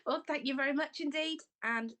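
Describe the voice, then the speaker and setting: A woman interviewer in casual chat, friendly and quick to laugh. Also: sits high, fairly bright tone.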